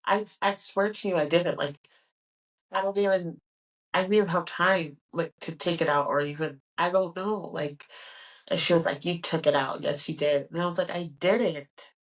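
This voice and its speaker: A woman's voice: fairly low pitch, normal speed, distant mic, poor audio. Candid young woman telling her story. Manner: candid and animated, acting out dialogue. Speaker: podcast host. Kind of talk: personal storytelling.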